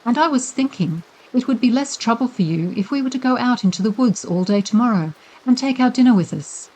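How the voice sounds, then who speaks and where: A woman's voice: on the high side, lively intonation, a little fast, a little mellow, slightly rough, pitched above the performer's own voice, low-quality recording. A woman reading the part of a charming schoolboy who talks very politely and earnestly.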